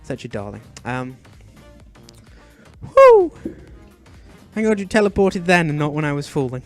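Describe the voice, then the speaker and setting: A man's voice: very animated, quick pace, darkish tone, soft background music. Doting, fretful young man gaming. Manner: chatty, fretful and doting, often bursting into high shrieks. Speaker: gaming channel host. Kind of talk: Minecraft let's play commentary.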